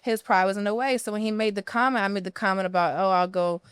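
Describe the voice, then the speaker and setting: A woman's voice: medium pitch, fast talker, fairly bright tone, clean tone, no room sound, studio quality. A woman, a podcast guest candidly telling a long personal story full of profanity. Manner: candid and profane, tells her story at length. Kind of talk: casual storytelling interview.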